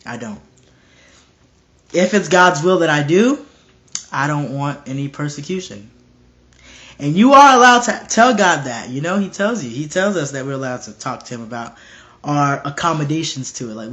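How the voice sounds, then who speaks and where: A man's voice: on the high side, normal speed. A man preaching casually and earnestly, often stumbling and repeating words as he talks, now and then acting out bold dialogue. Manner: animated, acts out bold dialogue. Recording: dull lo-fi recording.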